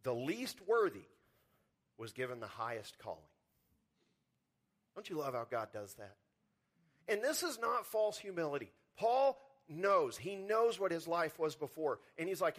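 A man preaching a sermon as pastor, animated, swinging from loud emphasis to quiet, low lines and often repeating words as he starts a sentence. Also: measured pace, long pauses.

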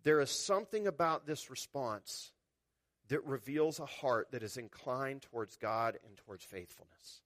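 A man's voice: mid-range voice, measured pace, a bit bright, no echo, clean studio sound. A man preaching a sermon in a conversational way, with wry humor and quotes he acts out.

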